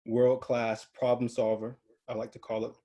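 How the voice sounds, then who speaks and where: A man's voice: medium pitch, flat delivery, normal speed, dark tone, highs cut off. A man in his twenties calling into a video chat, rambling earnestly with lots of fillers. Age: 20s. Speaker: caller. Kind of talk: casual chat on a video call. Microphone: video call.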